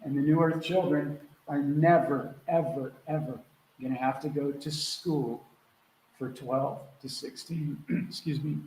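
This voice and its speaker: A man's voice: a little high, steady tone, measured pace, a little mellow. A man hosting a live question-and-answer call as a spiritual mentor, talking casually and earnestly, acting out quotes and swearing freely over a video call. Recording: echoey room with faint background noise.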